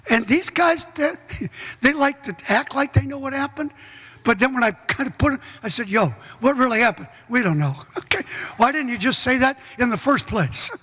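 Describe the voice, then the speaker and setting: A middle-aged man preaching a sermon as pastor, folksy and joking, bursting into shouts. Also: very high-pitched. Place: large church hall. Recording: echoey church hall.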